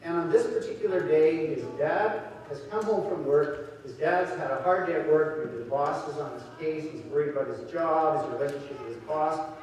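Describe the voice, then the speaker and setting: A man's voice: on the high side, normal speed, a little mellow. A man giving a talk to an audience, telling stories and acting out the people in them. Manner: storytelling with acted-out voices. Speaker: speaker. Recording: echoey hall, distant mic.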